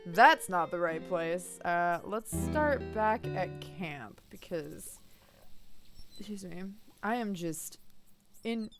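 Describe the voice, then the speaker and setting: A woman's voice: lowish voice, expressive, slow pace. Chatty woman streaming a game. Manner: chatty, self-deprecating, giggly. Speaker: let's play streamer. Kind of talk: casual game commentary. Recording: guitar music behind.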